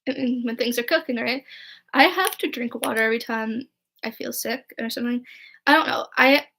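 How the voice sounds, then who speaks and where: A woman's voice: fairly high pitch, normal speed, vocal fry, sharp tone. A young woman vlogger telling casual, rambling stories, full of "like" and "right?" and quoting people in dialogue. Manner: chatty and rambling, with frequent "like" and "right?". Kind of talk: casual storytelling.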